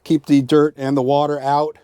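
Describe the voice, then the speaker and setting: A man with a fairly high voice gives a relaxed, upbeat tour from inside a motorhome. He chats as he goes, pointing out details with lots of fillers. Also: normal speed, a little hiss or hum. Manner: chatty, upbeat, points things out with frequent fillers. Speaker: RV travel vlogger giving a tour. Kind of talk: casual walkthrough tour.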